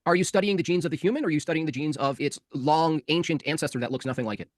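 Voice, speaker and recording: A man's voice: on the high side, racing, no room sound, studio quality. A man in a heated live debate, pressing his opponent, interrupting and repeating his question.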